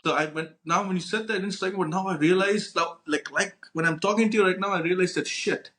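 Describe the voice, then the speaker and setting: Male podcast co-host with a slightly raised pitch. Animated, profane storyteller in casual chat. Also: quick pace. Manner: animated storyteller, swears freely.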